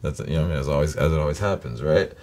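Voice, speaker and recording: A man with a very deep, low voice talks through a loose, rambling monologue. He swears freely and leans on fillers and restarts as his thoughts wander. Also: quick pace, a little mellow. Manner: profane, rambling, many fillers. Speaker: reaction video host.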